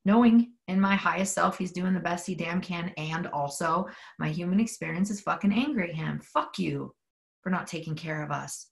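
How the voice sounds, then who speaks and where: Woman, spiritual workshop leader, gravelly, lowish, earnest, intimate, call-and-response. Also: moderate pace. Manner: earnest, intimate, swears freely, leads call-and-response prayer. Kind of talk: guided spiritual session. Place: home in the mountains.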